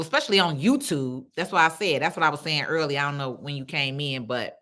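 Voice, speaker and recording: A woman's voice: low voice, lively intonation, brisk, hardly any pauses, a bit bright. Blunt, profane woman livestreaming. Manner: blunt, profane, laughs often, calls viewers baby. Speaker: livestream host. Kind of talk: casual livestream chat reading comments.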